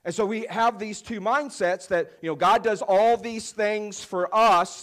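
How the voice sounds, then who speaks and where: A man preaching a sermon in a conversational way, often saying "you know" and leaning hard on key phrases. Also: high-pitched. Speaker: pastor.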